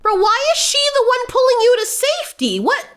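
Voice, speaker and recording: A young woman with a high voice riffing through a reaction video, blunt and sarcastic, swearing freely as she complains. It's loose, off-the-cuff commentary aimed straight at her viewers. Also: sing-song, fairly quick, over loud music. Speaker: reaction vlogger. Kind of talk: casual commentary rant.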